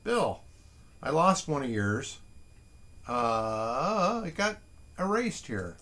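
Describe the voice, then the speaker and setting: A man reads listeners' haiku aloud at an unhurried, deliberate pace, with wry, chatty asides between the poems. His pitch moves widely up and down, rising high and dropping low. He talks from his desk at home during a relaxed morning livestream. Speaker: host reading listeners' haiku. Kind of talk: casual morning livestream chat.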